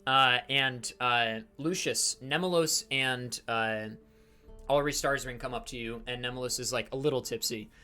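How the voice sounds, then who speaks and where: A man's voice: mid-range voice, normal speed, bright, forceful tone, clear, resonant tone, soft background music. A man narrating a tabletop game as dungeon master, rambling with many fillers and self-corrections.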